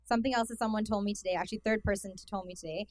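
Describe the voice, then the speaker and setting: Young Canadian woman, relaxed conference speaker, chatty and self-deprecating, dry close mic. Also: medium pitch, rapid-fire, no echo. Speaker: guest speaker. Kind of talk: casual talk to a youth conference. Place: hall with an audience.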